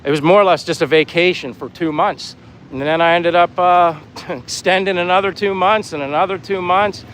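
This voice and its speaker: Walking outdoors in a seaside town, this chatty American vlogger from Pennsylvania, in his 50s, hosts a casual live stream and reads chat comments in a rambling, friendly way. He speaks high-pitched and a bit bright at a moderate, fairly even pace. The rough audio carries wind noise, breeze, and faint street and boat sounds.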